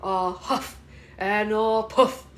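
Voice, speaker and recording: A woman voicing the big bad wolf for a toddler, with slow, drawn-out, growly threats. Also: mid-range voice, fairly even intonation, a little hiss or hum, poor audio. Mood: menacing. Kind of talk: read-aloud storytelling for a toddler.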